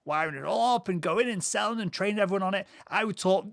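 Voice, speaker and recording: A man's voice: high voice, fast, gravelly, fairly bright tone, no echo, clean studio sound. Man hosting a podcast. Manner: tells anecdotes from his sales past. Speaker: podcast host. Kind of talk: conversational interview. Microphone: studio mic.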